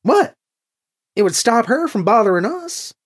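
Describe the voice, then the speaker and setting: A wisecracking pilot captain needles everyone in a mocking, joking voice, as an audiobook narrator plays him. His husky tone jumps up and down. He never takes things quite seriously. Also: mid-range voice, very animated, unhurried, voice pushed up. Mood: teasing. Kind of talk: audiobook character reading.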